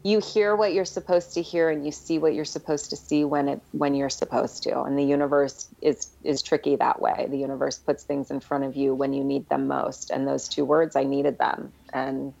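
A woman talking earnestly and reflectively as a podcast guest, with many pauses and fillers. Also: rumbling low, flat delivery, creaky, darkish tone, muffled recording. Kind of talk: casual personal storytelling.

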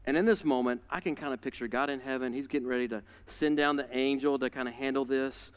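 A man preaching a sermon as a pastor, dramatic and conversational, telling a story with lively asides. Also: medium pitch, brisk, smooth. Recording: long reverb in a large hall.

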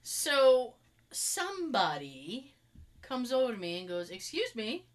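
A woman from Massachusetts with a Massachusetts accent, telling a story in casual chat with lively sound effects. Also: on the high side, slow pace.

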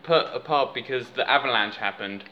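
A man's voice: medium pitch, normal speed, bright, forceful tone, lo-fi sound. A man retelling film scenes in detail and slipping in puns during a casual chat.

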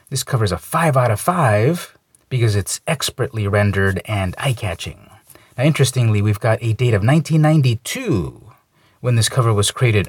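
Male comic reviewer, husky mid voice, dry close sound, easygoing delivery. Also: mid-range voice, no echo. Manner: relaxed, conversational, lightly opinionated. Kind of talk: casual review commentary.

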